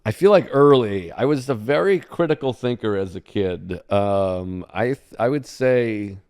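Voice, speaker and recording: A man's voice: on the low side, lively intonation, a little slow, darkish tone, clean tone. A man, a guest comedian, chatting eagerly on a podcast and quoting lines in character. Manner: enthusiastic, quotes lines in character. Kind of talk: casual podcast chat.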